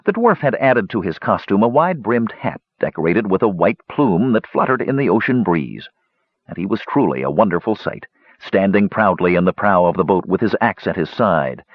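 A man narrating a fantasy story with expressive storytelling. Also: sits low, moderate pace. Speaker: audiobook narrator. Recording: dull lo-fi dry recording.

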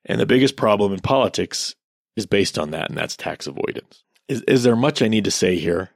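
A man's voice: on the low side, animated, brisk, gravelly, no echo, clean studio sound. A man in his thirties giving casual commentary on online posts, ranting in a sarcastic, profane way.

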